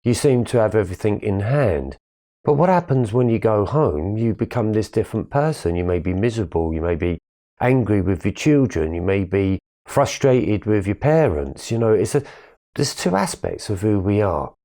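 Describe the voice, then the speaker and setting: Speaking at a moderate pace in a warm, animated voice on the low side, a man offers a reflective personal monologue as a spiritual speaker, candidly and earnestly recounting his life with casual swearing.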